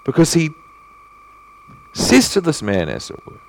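A male pastor preaching a sermon in earnest, asking rhetorical questions and swinging between emphatic and hushed delivery. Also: a little high, huge pitch swings, measured pace, gravelly.

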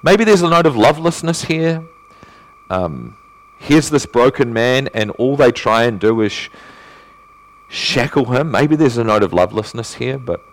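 A man preaching an expository sermon, asking rhetorical questions and repeating key phrases, climbing in pitch and force on his main points. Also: poor audio. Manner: rises in pitch and volume when stressing points; reads scripture aloud in measured tone.

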